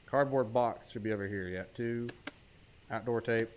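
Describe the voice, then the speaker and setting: A man streaming a horror game talks at normal speed in a medium-pitched voice, with slight background noise behind him. He keeps the let's-play commentary casual, joking, poking fun at himself and calling out items while he plays.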